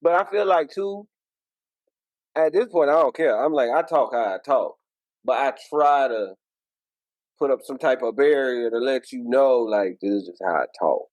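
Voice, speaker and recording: A man's voice: medium pitch, moderate pace, a little mellow, no room sound, poor audio. A man with a country Southern US accent, chatting as a podcast co-host in a laid-back storytelling way. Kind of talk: casual chat.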